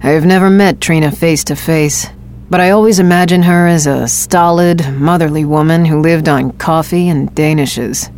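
A woman reads first-person narration for an audio drama. Her voice is very low for a woman, and she keeps a steady, even storytelling pace. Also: moderate pace.

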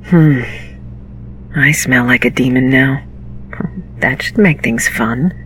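A woman's voice: a bass voice, slow pace, a bit bright, slight background noise, full character voice. A woman playing a sarcastic necromancer. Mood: wry. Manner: dry, sarcastic. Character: wry woman necromancer and bounty hunter.

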